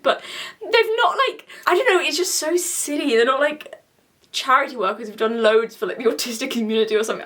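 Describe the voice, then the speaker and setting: A woman's voice: high-pitched, brisk, fairly bright tone. A woman YouTuber giving sarcastic, exasperated commentary on celebrity press tours. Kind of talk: commentary vlog.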